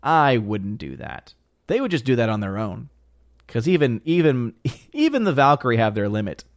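A man casually reading and joking about viewer comments on a live stream, in an animated, playful way. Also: mid-range voice, moderate pace. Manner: animated, jokey riffing on chat comments.

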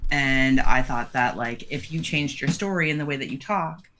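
A woman guest on a podcast, chatting casually. She hesitates and fills her speech with small words while making earnest suggestions. Her voice is bright and forward. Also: rumbling low, normal speed. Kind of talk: casual chat.

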